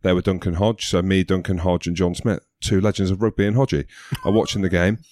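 A low-pitched man co-hosts a rugby podcast in a dry studio, trading quick banter. His voice sits deep, and he lifts sharply in pitch when he gets excited. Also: no room sound. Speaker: podcast co-host, rugby pundit. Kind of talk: casual rugby chat.

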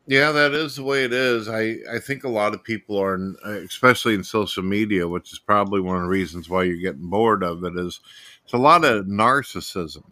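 Bright-voiced man in casual talk. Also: lowish voice, brisk. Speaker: host. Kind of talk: casual chat.

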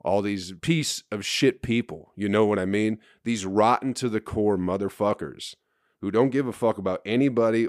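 A hungover man rants on his own podcast, swearing freely and circling back over the same complaints. His voice sits low. The sound is dry and close, with no room around it. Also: no echo. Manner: profane, exasperated ranting; rambling, repeats himself. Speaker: podcast host. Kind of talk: solo podcast rant.

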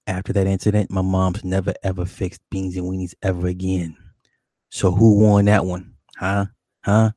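A man's voice: low voice, little pitch movement, moderate pace, warm tone, dry recording, studio quality. A man hosting a call-in show, telling a childhood story in a laid-back, profane way and laughing often. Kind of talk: casual late-night call-in storytelling.

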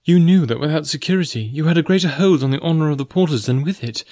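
A man reading the part of a proud, dignified young woman who speaks in a formal, measured and cool way. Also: fairly high pitch, darkish tone, no echo, clean studio sound, pitched above the performer's own voice, lightly acted. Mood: cold.

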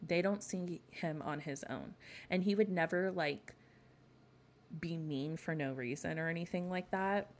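A woman's voice: fairly low pitch, measured pace, a little hiss or hum. A woman hosting a podcast, chatting in a gossipy, sassy way with frequent rants. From not from the American South. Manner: gossipy, sassy, ranting with laughs. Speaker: podcast host. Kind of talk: casual chat.

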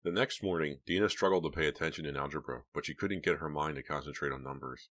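A man narrating an audiobook with a steady, measured reading. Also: extremely low pitch.

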